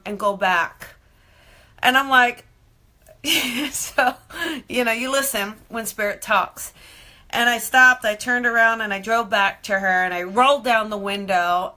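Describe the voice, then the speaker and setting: A woman who hosts a live-streamed show as a medium tells stories in a lively, chatty way and acts out the people in them. Her voice is bright and sits a little high, and she talks close to the mic. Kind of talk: live-streamed casual storytelling.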